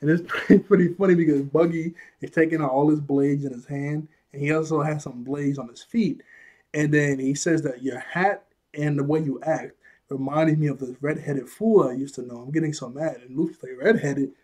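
Husky, chuckling man recapping an anime. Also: fairly high pitch, fairly even intonation, normal speed, a little mellow. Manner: chuckles often, loose and apologetic. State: a bit out of breath. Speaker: anime reviewer. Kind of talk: casual episode recap.

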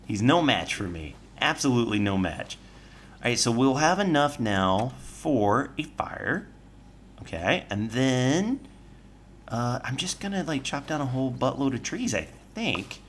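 A man giving jokey, chatty commentary on the game he is playing, breaking into sudden high-pitched panicked yelps. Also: animated, a little slow, a bit bright, soft background music. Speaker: gameplay host. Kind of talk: let's play commentary.

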